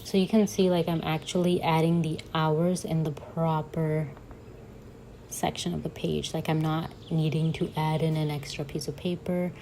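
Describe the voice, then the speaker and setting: Chatty low-voiced woman, gravelly edge. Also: level tone, normal speed, mellow, slight background noise, poor audio. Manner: chatty and giggly, self-mocking asides. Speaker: bullet journal vlogger. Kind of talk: casual voice-over chat while journaling.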